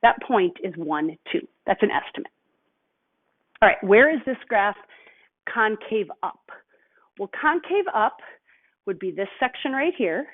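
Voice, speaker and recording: A woman's voice: mid-range voice, expressive. Female math teacher, patient step-by-step recorded lesson; narrow tinny audio. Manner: patient step-by-step explaining, slows on key terms.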